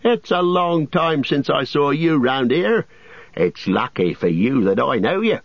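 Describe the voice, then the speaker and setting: A man putting on a gruff, hearty hobbit farmer. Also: mid-range voice, animated, a little slow, dry recording, lo-fi sound, voice pushed up.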